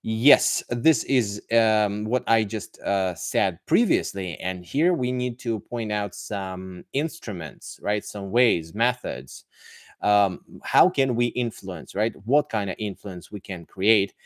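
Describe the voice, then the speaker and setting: Low-voiced, hesitant man. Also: lively intonation, dry recording, clean studio sound. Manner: hesitant, full of pauses and restarts, addresses listeners as guys. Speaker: English teacher. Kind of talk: casual livestream podcast talk.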